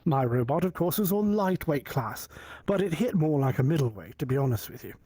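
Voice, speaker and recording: Animated storytelling man, fairly high voice. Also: brisk, breathy edge, no room sound. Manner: animated, acts out dialogue with many restarts. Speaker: talk show host. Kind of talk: casual storytelling.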